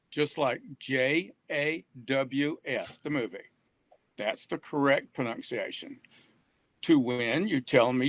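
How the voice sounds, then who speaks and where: A man's voice: fairly high pitch, a bit bright, dry recording. Folksy older man, dry sound. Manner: folksy, jokey, laughs often. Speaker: reading program author and co-host. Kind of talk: casual webinar chat.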